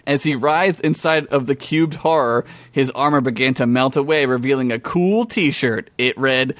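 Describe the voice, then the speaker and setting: A man's voice: medium pitch, normal speed, no echo. A man narrating a comedic improvised tabletop story as game master, laughing often as he goes. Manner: laughs often while narrating, crude jokes.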